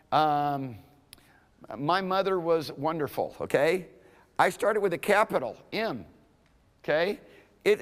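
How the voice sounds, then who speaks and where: A man with a slightly high voice gives a classroom lecture for beginning Hebrew students, and the sound is that of a large hall. His tone is casual, and he regularly pauses to ask the class "okay?"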